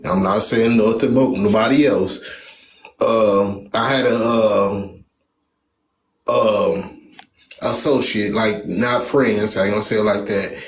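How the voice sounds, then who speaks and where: A man talking in a casual debate, hesitant and halting, often restarting his sentences. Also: fairly low pitch, reverberant.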